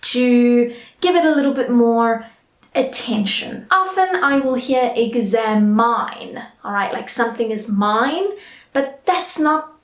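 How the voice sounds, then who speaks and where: A woman with a British English accent teaching English pronunciation in a chatty way, often checking in with "all right?" and slowly modelling each word. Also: a little high, reverberant. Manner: slow, careful model pronunciations. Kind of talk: online English lesson.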